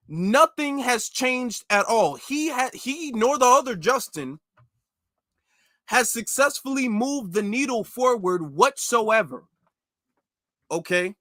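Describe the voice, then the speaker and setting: A man hosting a commentary video, reacting critically and emphatically to a clip he pauses and mocks. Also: high-pitched, bright, forceful tone, no echo, clean studio sound.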